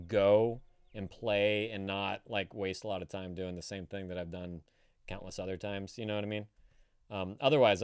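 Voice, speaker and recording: A man's voice: on the low side, smooth, no room sound. Profane, indignant male streamer. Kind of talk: live-stream chat reading viewer messages.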